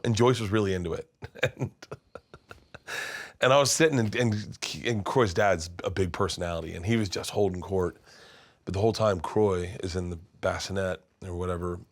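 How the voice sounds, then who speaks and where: Middle-aged male comedian guest, animated storyteller, slips into voices, big laughs, lowish voice. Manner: excitable, acts out voices in his stories, laughs loudly. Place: his studio.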